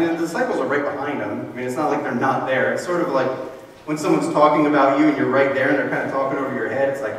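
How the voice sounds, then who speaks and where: A man preaching a sermon in a relaxed, conversational way, explaining scripture and briefly acting out the people he quotes. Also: mid-range voice, rapid-fire. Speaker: pastor. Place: church sanctuary. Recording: roomy echo from a distant mic with faint noise.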